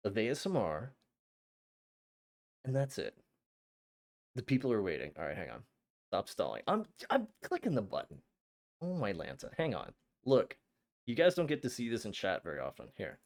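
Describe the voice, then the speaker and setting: A young man streaming a game, chatting to his viewers in an excitable, flustered way with frequent stammers. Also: lowish voice, moderate pace, long pauses. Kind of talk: casual live-stream chat.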